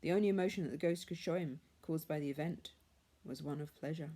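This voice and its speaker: A woman reading a classic story aloud in a measured, hushed manner. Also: deep voice. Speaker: reader.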